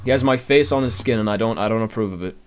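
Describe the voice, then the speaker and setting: A game streamer with a fairly low voice and clean tone gives fast, animated live gameplay commentary. He grumbles as he plays and talks to his chat.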